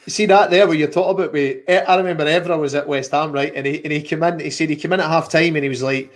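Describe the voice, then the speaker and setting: A man's voice: a little high, steady tone, quick pace. A man with a Scottish accent co-hosting a podcast, telling an anecdote animatedly and acting out the quotes. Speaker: podcast co-host.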